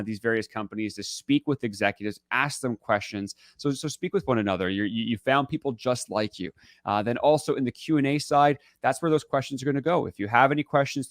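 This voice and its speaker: A man hosting an online investor webinar, rattling along at a brisk clip with lots of fillers and self-corrections. His voice sits at an ordinary male pitch and sounds close and dry, with no room sound on the call. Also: dry recording. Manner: upbeat, loose, many fillers and restarts. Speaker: conference host. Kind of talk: live webinar introduction.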